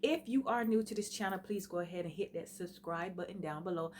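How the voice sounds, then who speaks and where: A middle-aged woman vlogging casually from her dining room at home, talking fast and chatty to her viewers. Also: fairly low pitch, a little mellow, a little hiss or hum. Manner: fast-talking, chatty, says y'all a lot. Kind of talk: casual vlog chat.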